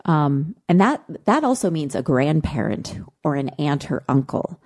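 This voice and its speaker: Brief: a woman co-host in casual chat, emotional and impassioned, with a warm, mellow, low voice. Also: big pitch swings, unhurried. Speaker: podcast co-host.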